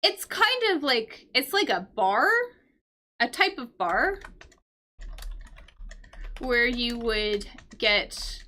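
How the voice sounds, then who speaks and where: A woman's voice: on the high side, expressive, very slow, pauses often, sharp tone. A woman teaching English vocabulary on a live stream, explaining words patiently, checking in with "right?" and answering her chat.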